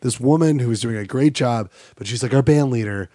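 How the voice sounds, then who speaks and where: A man's voice: mid-range voice, brisk, dry recording, clean studio sound. A young man from Salt Lake City, telling stories in a casual podcast chat and acting out quotes. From Salt Lake City, Utah. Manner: animated, acts out quotes in put-on voices, laughs often. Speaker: podcast co-host.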